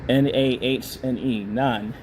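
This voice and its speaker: A man's voice: mid-range voice, fairly even intonation, takes it slowly, background noise. Chatty man hosting a phone livestream. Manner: chatty, reads viewer comments aloud and laughs often. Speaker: livestream host. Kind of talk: casual live-stream chat. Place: indoors, public building.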